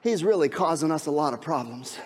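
A man with a slightly high voice preaches a sermon in a big room with a long reverb tail. He drops to a hushed, slow delivery and then climbs to loud, excited preaching. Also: husky. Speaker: pastor.

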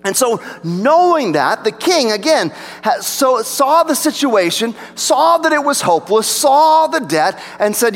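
A pastor preaching a sermon, rising for emphasis and dropping to a low hush. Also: male voice, big pitch swings, measured pace. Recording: long reverb of a large hall.

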